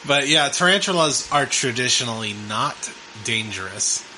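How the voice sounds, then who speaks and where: A man's voice: mid-range voice, expressive, normal speed, sharp tone, a little hiss or hum, poor audio. A middle-aged man co-hosting a casual podcast, rambling with ums and laughing often. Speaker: podcast co-host. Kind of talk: casual chat.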